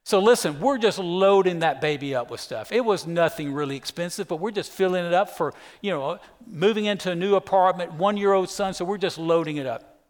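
Middle-aged pastor with a slightly high voice. He preaches emphatically in an echoey church hall. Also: brisk. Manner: emphatic storyteller, keeps saying "listen". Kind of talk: sermon with a personal story. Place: church sanctuary.

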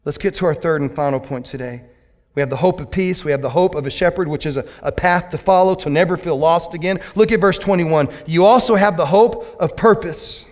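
A man preaching a lively, joking sermon as a pastor to his church, with sudden loud outbursts. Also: fairly high pitch, a little fast. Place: church sanctuary. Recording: long hall reverb.

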